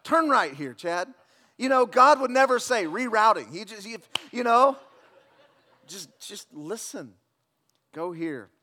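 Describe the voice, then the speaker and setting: Preaching a sermon, a male pastor with a high voice speaks a little slowly, telling lively stories laced with jokes and repeated words, with sudden falls to a near hush.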